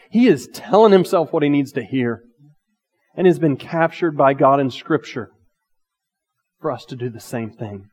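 Pastor, male, slightly high-pitched, earnest sermon delivery with slow scripture reading, big reverberant church sound. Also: animated, slightly rough. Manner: swings between loud emphatic lines and quiet asides; reads scripture aloud slowly and earnestly. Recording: long reverb of a large hall.

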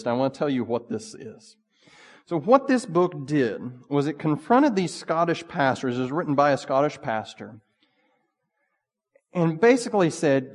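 A man preaching a sermon in a relaxed, conversational way, full of asides. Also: mid-range voice, big-room sound. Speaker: pastor.

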